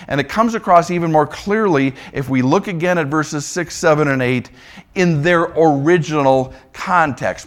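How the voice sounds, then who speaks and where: Emphatic pastor preaching, fairly high voice. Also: male voice. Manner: emphatic, repeats words for stress. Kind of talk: sermon.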